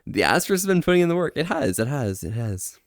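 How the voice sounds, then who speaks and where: A man streaming and chatting casually, soft-spoken, drawing out slow words of praise. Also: fairly high pitch, sing-song, no echo, studio quality. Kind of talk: casual livestream chat.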